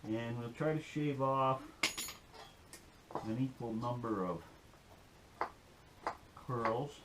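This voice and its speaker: A man's voice: mid-range voice, slow, background noise. A man giving a folksy, rambling demonstration and telling a joke on his channel. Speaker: outdoor-skills YouTuber.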